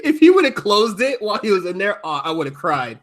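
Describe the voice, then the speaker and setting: A man's voice: sits high, sing-song, fairly quick, fairly bright tone. A young man co-hosting a casual podcast chat; he giggles often and swears casually. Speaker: podcast co-host.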